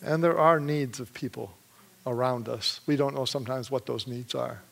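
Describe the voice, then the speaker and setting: A man from Michigan giving a testimony in a sermon, telling his story with animated energy and frequent laughs. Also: mid-range voice, normal speed, gravelly. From Michigan, USA.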